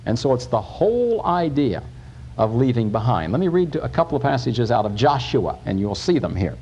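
A man preaching a sermon, emphatic, with pauses and restarts. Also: medium pitch, sing-song, mellow, highs cut off, slight background noise.

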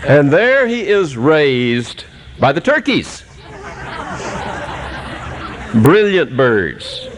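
A male preacher telling a humorous animal story in a folksy, unhurried sermon, with many pauses and fillers. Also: fairly high pitch, wildly swooping pitch, noisy background.

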